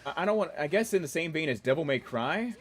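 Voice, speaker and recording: A man's voice: a little high, expressive, fast talker, a little hiss or hum. Chatty man with DC-New York accent. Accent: mixed DC-area and New York. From Washington DC area. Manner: rambling, chatty, laughs often. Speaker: streamer. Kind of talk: casual gameplay livestream chat.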